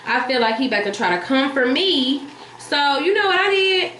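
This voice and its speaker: Brief: woman vlogger, fairly high voice, animated and blunt storyteller, echoey room recording. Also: normal speed. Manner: animated, blunt, profane, addresses viewers as y'all. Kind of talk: casual storytime chat. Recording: echoey room with faint hiss.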